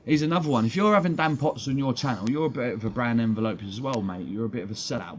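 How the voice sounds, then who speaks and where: A man's voice: mid-range voice, quick pace, hardly any pauses, dull audio. A man with an English accent ranting on a live stream, blunt and profane, talking straight at his chat. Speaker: fan channel streamer. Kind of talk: heated live-stream rant.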